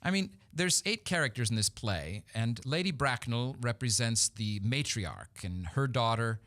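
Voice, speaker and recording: A man, a theater company guest on a radio show, talking chattily with many pauses, fillers and laughs. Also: mid-range voice, expressive, a bit bright. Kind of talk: casual interview chat.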